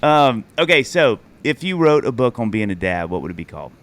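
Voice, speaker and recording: A man in his forties hosting a casual podcast chat, enthusiastic and quick to laugh as he retells family moments. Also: medium pitch, very animated, fairly bright tone. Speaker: podcast host.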